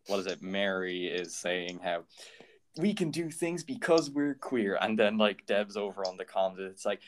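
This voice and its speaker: A man's voice: sits low, lively intonation, moderate pace. A man hosting a casual podcast chat, talking loosely with frequent ums and laughs. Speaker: podcast host.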